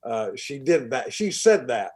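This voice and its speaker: A man's voice: mid-range voice, sing-song, a little slow, darkish tone, slightly rough. Man telling set stories. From Texas. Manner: storytelling, stumbling restarts, drops to a murmur. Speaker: actor guest. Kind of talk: casual interview chat.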